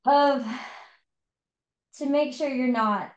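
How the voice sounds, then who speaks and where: A woman's voice: sits high, takes it slowly, lo-fi sound. Woman podcast co-host, casual and rambling, roomy echo. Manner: chatty, many fillers and restarts. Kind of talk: casual book discussion. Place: home.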